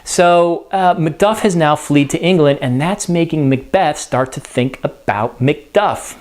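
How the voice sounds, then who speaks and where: A man's voice: fairly high pitch, a little slow, hardly any pauses. Casual man explaining a story. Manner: conversational, animated retelling with filler words. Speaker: teacher.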